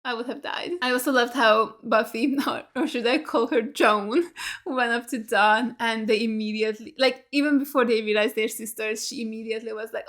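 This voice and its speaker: A woman's voice: fairly high pitch, normal speed. A young woman hosting a reaction video, talking casually and heatedly, swearing freely as she gushes and rants about a show. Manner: heated, animated, swears freely, gushing fan.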